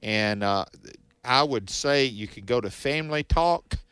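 A man hosting a Bible radio show, giving gentle, encouraging pastoral advice. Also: medium pitch, a little slow, clear, resonant tone, dry recording.

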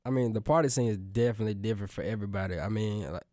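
A man talking casually on a faith talk show, relaxed and hesitant with many fillers. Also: lowish voice, very fast, no echo, studio quality.

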